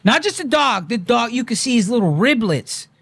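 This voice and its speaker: A young man co-hosting a casual podcast. He tells stories in a loose, animated way and swears freely. He acts out the other people in each story. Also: very high voice, moderate pace, breathy edge, no room sound. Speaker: podcast co-host. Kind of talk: casual chat.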